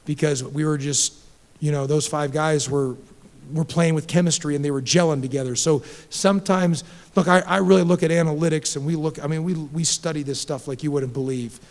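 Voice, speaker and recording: A middle-aged man coaching basketball speaks at a post-game press conference with a somewhat high voice. He talks directly and with animation, often restarting and repeating words. The room around him rings with a long reverb. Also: steady tone, brisk.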